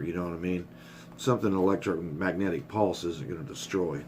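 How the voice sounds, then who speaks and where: Speaking a little fast with hardly any pauses, this man's voice sits low against a noisy background. A middle-aged vlogger, he rambles candidly in a casual personal video, cursing freely as emotion gets the better of him and he chokes up.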